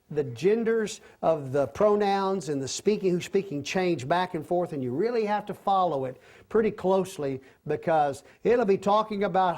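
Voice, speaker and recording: A man's voice: on the high side, darkish tone. A man teaching a Bible lesson to a class in a conversational way, often putting questions to his listeners. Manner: conversational, asks the class questions, acts out quoted voices. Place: classroom with a board.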